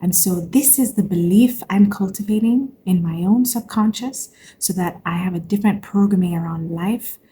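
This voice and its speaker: A woman's voice: mid-range voice, normal speed, mellow, a little hiss or hum. A woman hosting a spiritual talk, speaking earnestly and preachily to her listeners, calling them y'all. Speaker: spiritual podcast host.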